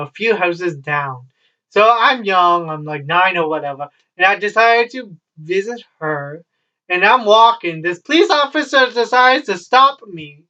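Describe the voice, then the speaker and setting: High-pitched, bright, and forceful, a young vlogger rambles through casual stories at home while a child is nearby, mixing wry asides with plenty of swearing. The recording is dull and lo-fi, picked up from a distance.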